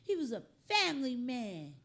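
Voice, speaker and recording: A woman hosting a comedy reaction show, riffing on clips in an animated, joking, slangy way. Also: high-pitched, moderate pace.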